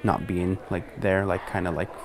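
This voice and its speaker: A young man in a touring band speaking hesitantly in a confessional interview, filling pauses with "like". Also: sits low, level tone, background noise. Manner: hesitant, full of "like", guilty.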